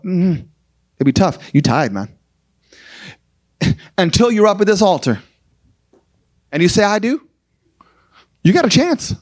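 High-voiced man preaching emphatically. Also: very animated, normal speed, long pauses. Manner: emphatic, repeats short punchy phrases. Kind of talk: sermon.

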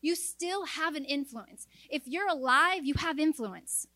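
A middle-aged woman delivers a sermon in a fairly high voice, earnest and exhorting. The sound is dry and close, with no room echo. She slips in quick joking asides between her points. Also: animated, pushed and bright. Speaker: preacher. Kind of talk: sermon to a women's audience.

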